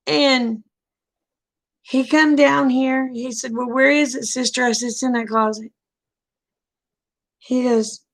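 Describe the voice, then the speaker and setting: In an unhurried drawl full of frequent pauses, a middle-aged woman vlogger spins a story as if chatting with a friend. Her slightly high voice carries a gravelly fry, and she's a folksy, animated storyteller who performs every quoted line.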